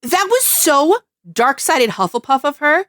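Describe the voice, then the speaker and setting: A woman's voice: high-pitched, animated, measured pace, fairly bright tone, no room sound, studio quality. A woman co-hosting a podcast in casual chat, blunt and emphatic, swearing freely. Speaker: podcast co-host.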